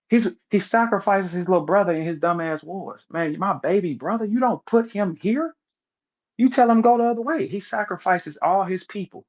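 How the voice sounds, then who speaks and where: Man ranting profanely on a lo-fi stream. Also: a little high. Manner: profane, animated storytelling, acts out voices of others. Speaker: online audio room speaker. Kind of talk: heated casual rant. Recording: dull lo-fi audio stream.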